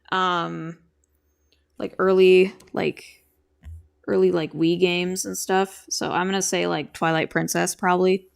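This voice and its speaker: A young woman with a lowish voice and vocal fry streams from home, rambling casually as she answers her chat. She's an animator and draws while she talks.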